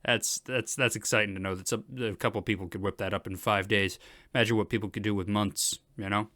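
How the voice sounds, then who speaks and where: A man giving excited commentary over game footage as a video host, gushing with enthusiasm and often repeating words as he starts a thought. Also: on the low side, quick pace.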